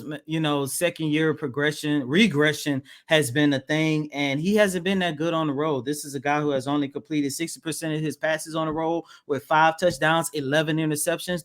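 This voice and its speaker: A man's voice: on the high side, a bit bright. A man co-hosting a sports podcast who weighs in with stats and sounds fed up with his team. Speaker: podcast co-host. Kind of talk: casual sports analysis.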